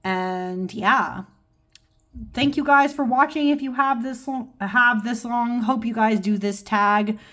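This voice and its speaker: A woman's voice: on the high side, takes it slowly, a bit bright. A woman tarot vlogger from California, chatting casually to her viewers in a rambling, self-deprecating way, with lots of ums and laughs. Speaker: tarot YouTuber. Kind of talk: casual rambling video chat.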